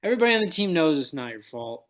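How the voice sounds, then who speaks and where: A man's voice: on the high side, very animated, racing, a bit bright. A young man co-hosting a podcast, joking and encouraging his co-host in casual chat. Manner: supportive, joking.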